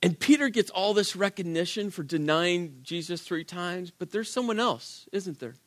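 A man preaching a sermon, telling the story with animated, acted-out quotes and rhetorical questions. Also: high-pitched, normal speed. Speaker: pastor.

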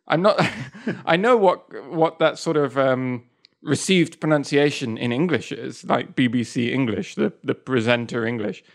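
A man of middle pitch co-hosting a podcast, talking freely in casual chat. He laughs easily and likes to tease his partner. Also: measured pace, creaky. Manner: chatty, laughs easily, teasing. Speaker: podcast co-host.

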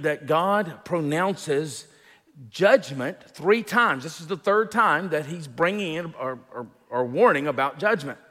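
A male pastor teaches through a sermon slowly and deliberately, with a lively, rising and falling voice pitched a bit high. He restarts phrases and leans into key points, and his voice rings out in the long reverb of a large hall. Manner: unhurried teaching with frequent fillers and restarts. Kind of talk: expository sermon.

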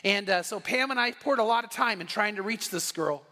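In a church sanctuary with long hall reverb, a pastor in his sixties preaches a passionate sermon. He's emphatic and repeats phrases for emphasis, his voice sitting high, sharp and a little fast.

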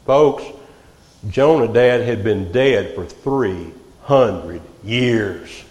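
A man preaching a sermon, swinging from loud outbursts to hushed, quiet lines. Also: on the low side, very slow. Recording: echoey hall, reverb.

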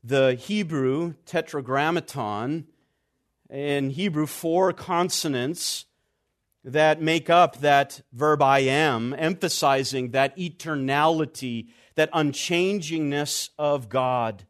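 A man delivers an expository sermon, deliberately stressing key words. At the ends of phrases his voice drops low and quiet.

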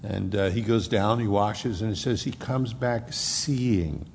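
A man preaching a conversational sermon, retelling a scripture story in a folksy, animated way. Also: lowish voice, slow pace, creaky, a little hiss or hum. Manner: folksy and animated, acts out the characters. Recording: echoey hall reverb.

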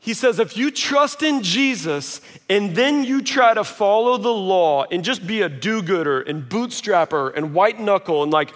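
A man preaching a sermon in a large auditorium, conversational and self-mocking, slipping into animated quoted voices. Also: high voice, a little slow. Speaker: pastor. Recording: long reverb of a large hall.

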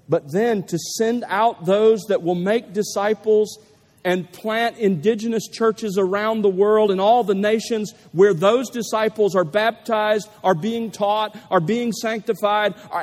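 A man preaching a sermon to a gathering, speaking emphatically and leaning hard on repeated key phrases. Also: high voice. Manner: emphatic, building to stressed repetitions. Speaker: pastor. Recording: long reverb of a large hall.

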